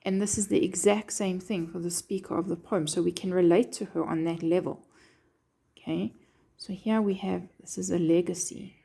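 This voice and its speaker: A woman's voice: fairly low pitch, fairly even intonation, moderate pace, gravelly, mellow, husky. A woman teacher explaining a poem line by line, checking in with her students with a frequent "okay". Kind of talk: poetry lesson explanation.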